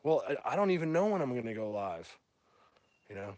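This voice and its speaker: A man livestreaming from a phone in a mountain wilderness, chatting to viewers in a rambling, excitable way as a bigfoot hunter. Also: medium pitch, a little fast, no room sound. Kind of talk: casual live stream chat. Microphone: phone held by hand.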